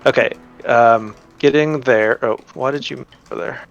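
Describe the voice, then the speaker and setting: A man's voice: mid-range voice, a little slow, vocal fry, few pauses, highs cut off, faint music behind. Rambling man playing a tabletop game. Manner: rambling, restarts and laughs while narrating his character. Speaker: player.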